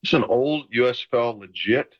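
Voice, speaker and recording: A man in his sixties, a retired football player calling in from a room at home, telling lively stories in casual chat. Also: mid-range voice, fairly quick, lo-fi sound. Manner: animated, enthusiastic anecdotes. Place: home room full of memorabilia.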